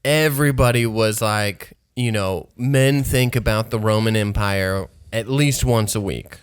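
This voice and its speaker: A man's voice: fairly low pitch, measured pace, clean tone, dry recording, clean studio sound. A man co-hosting a casual comedy podcast, telling stories with acted-out quotes and frequent laughter. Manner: animated storyteller, acts out quotes, laughs often. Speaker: podcast co-host.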